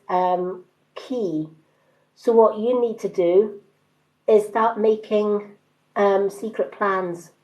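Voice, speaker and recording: Her voice medium-pitched and the recording muffled, a fiftysomething tarot card reader with a blended British accent does a live-stream reading. She's slow, hesitant, and comforting, peppering her speech with ums.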